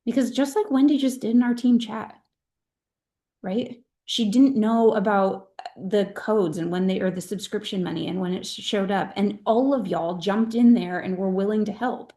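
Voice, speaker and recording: A woman's voice: mid-range voice, mellow. A middle-aged woman leading her sales team on a video call, speaking in an earnest, emphatic and heartfelt way. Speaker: direct-sales team leader.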